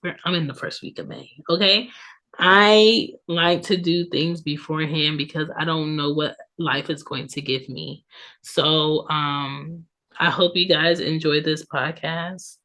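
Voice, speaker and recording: Chatty congested woman podcaster, slow pace. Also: deep voice, fairly even intonation, pushed and bright. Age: 30s. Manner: chatty, tag questions, many ums. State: congested from allergies. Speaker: podcast host. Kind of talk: casual solo podcast talk.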